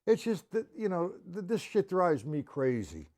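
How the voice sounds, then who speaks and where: A man teaching drum rudiments on a live stream, talking straight to viewers in the chat and counting beats out loud with strong accents. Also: sits high, wildly swooping pitch, normal speed.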